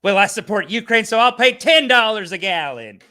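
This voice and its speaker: A man doing a sugary, earnest late-night host who lectures his audience with wide-eyed sincerity. The voice sits raised and bright, swooping up and down in a pleading sing-song. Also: sits high, animated, moderate pace, pitched above the performer's own voice, full character voice. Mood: mock-earnest.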